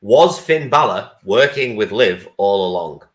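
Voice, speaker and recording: A man's voice: lowish voice, animated, unhurried. A man co-hosting a wrestling podcast, chatting casually and with enthusiasm, swearing now and then. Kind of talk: casual chat.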